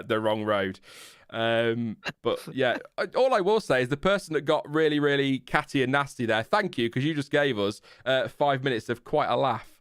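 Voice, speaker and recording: A man from Lincolnshire with a Lincolnshire English accent, hosting a live stream in casual chat, self-mocking and quick to laugh. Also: mid-range voice, a bit bright, smooth, no echo, clean studio sound. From Lincolnshire, England. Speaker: livestream host.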